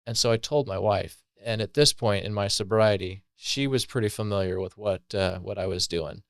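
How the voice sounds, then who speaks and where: A low-voiced man tells his recovery story on a podcast, earnest and thoughtful, often pausing on fillers. The sound is dry and close, with no room echo. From Colorado, USA. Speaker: podcast guest. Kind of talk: personal recovery story, conversational.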